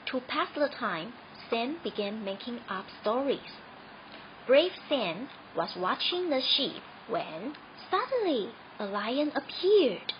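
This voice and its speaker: A woman reading a children's story aloud in a slow, gentle storybook manner. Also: fairly high pitch, very animated, muffled recording, slight background noise.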